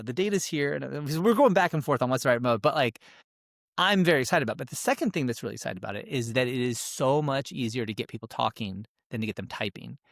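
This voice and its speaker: Man, podcast co-host, excitable, rambling, mid-range voice, close dry mic. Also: mid-range voice, dry recording. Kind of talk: casual chat.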